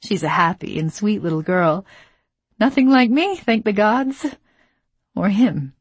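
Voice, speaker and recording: A woman voicing a steely young woman who talks quietly and close to breaking. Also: medium pitch, lively intonation, measured pace, slightly rough, no room sound, pitched above the performer's own voice. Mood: sorrowful. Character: steely young woman confessing her past.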